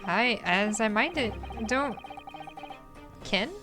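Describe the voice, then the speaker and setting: A woman reading a gruff male prison governor, slow and clipped, with game music behind. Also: mid-range voice, expressive.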